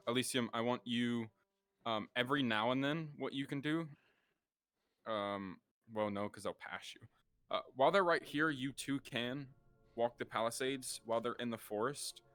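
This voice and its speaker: A man acting as game master, giving halting, casual instructions to players in a roleplay session. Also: medium pitch, a bit bright, no room sound. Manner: halting, with many fillers and restarts.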